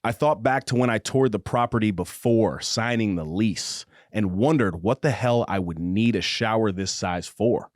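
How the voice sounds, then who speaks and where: A middle-aged man hosting a podcast, reading aloud in a low, measured voice and joking between passages. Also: no echo, studio quality. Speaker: podcast host. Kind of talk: casual chat, reading a novel excerpt aloud. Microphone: studio microphone with headphones.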